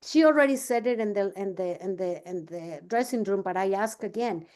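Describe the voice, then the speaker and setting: A woman's voice: medium pitch, moderate pace, a little mellow. A woman coaching a business team in a casual talk, telling a story and acting out both sides of the conversation. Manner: chatty, many fillers and restarts.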